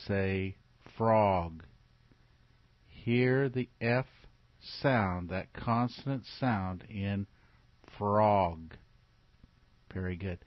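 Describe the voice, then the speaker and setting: A man's voice: fairly low pitch, no room sound. A man teaching children letter sounds in a phonics lesson, patient and repetitive, asking them to repeat after him. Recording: dull, lo-fi recording.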